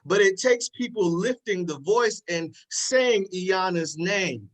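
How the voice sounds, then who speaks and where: A man's voice: high-pitched, expressive, takes it slowly, rough recording. A man speaking as a guest in a live panel discussion, impassioned and preacherly in cadence, often repeating the same phrases. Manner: repeats "in that respect".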